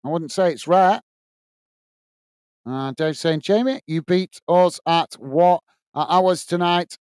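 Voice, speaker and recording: A man's voice: on the high side, slow pace, darkish tone, clean tone, no echo. A man with a Lancashire accent hosting a live football watch-along, giving running play-by-play and reading viewer comments aloud in a friendly, matey way. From England.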